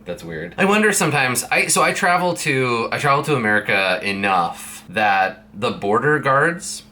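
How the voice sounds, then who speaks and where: Chatty young man, bright tone. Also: mid-range voice, expressive, moderate pace. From Canada. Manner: rambling, chatty, with playful put-on voices in quoted dialogue. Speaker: vlogger. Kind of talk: casual chat to camera. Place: a friend's streaming room indoors. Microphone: streaming setup mic.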